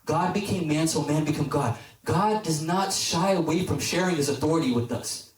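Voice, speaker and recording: A man giving a casual sermon to a youth group, with a fairly high voice. He tells a story in a relaxed way, often checks in with his listeners, and drops low for emphasis. He is heard from a distance in an echoey hall. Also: normal speed. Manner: conversational, checks in with the audience. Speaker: deacon preaching to a youth group.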